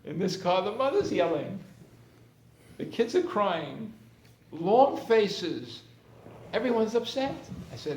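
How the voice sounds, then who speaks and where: A male therapist gives a conversational storytelling talk to a group in a high, darkish voice with big pitch swings, taking it slowly and pausing often. He's anecdotal and chatty, acting out scenes, in a roomy space with faint background noise.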